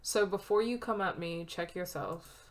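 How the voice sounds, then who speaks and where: A woman's voice: on the low side, measured pace. A woman voicing a defensive young woman who works a food truck, read aloud in a plain voice.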